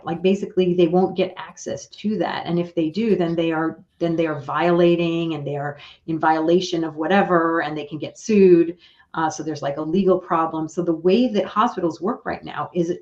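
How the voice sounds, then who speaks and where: A woman guest on a talk show, retelling a personal story in a chatty, animated way with quoted dialogue. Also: deep voice. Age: older. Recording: dull lo-fi remote audio.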